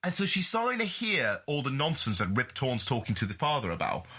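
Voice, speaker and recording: A man's voice: mid-range voice, fairly quick, breathy edge. A man hosting a podcast, reviewing a film in casual chat, swearing freely and acting out scenes in character voices. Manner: animated, profane, acts out scenes in voices. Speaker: podcast host.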